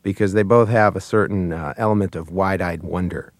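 A man being interviewed as a puppeteer, talking casually, halting and chuckling as he tells stories. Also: deep voice, fairly even intonation, no echo, studio quality. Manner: hesitant, full of restarts and chuckles. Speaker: puppeteer guest.

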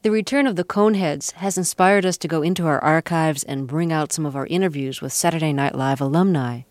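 Woman radio host, dry studio sound, measured intro, halting questions. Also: deep voice, dry recording.

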